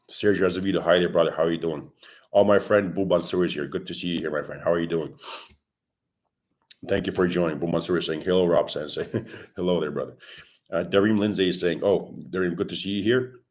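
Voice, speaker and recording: A man with a very low voice, hoarse from a sore throat, hosts a casual livestream. He talks in a calm, explanatory way and keeps clearing his throat between greetings to his viewers. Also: a little fast. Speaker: crypto livestream host.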